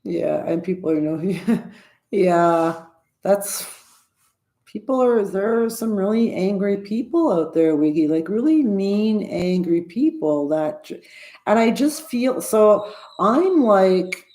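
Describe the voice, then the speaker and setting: This YouTuber, a woman in her sixties, speaks in a dark, expressive mid-range voice and takes her time. Her casual vlog talk to camera is earnest but rambling, with frequent self-interruptions that loop back mid-sentence.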